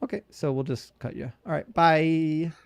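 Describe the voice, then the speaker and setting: A man's voice: fairly high pitch, steady tone, normal speed, creaky, clear, resonant tone, no echo. A man hosting a live call-in debate show, blunt and needling with his callers.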